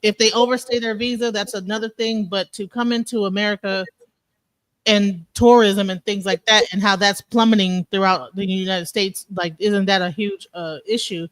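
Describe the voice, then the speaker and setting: A man's voice: high voice, fairly even intonation, normal speed, fairly bright tone, clean tone, no echo. A man leads an online panel discussion, circling his point through restarts, "like" and "uh". The recording is dry and close, with very little room sound. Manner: rambling, many restarts and fillers. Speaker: show host. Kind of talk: casual panel talk.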